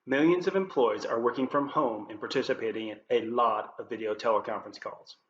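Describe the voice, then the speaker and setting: A man presenting as a leadership coach, giving scripted tips to camera in a clear, upbeat presenter manner. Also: medium pitch, brisk, a bit bright. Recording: roomy, slightly dull with faint noise.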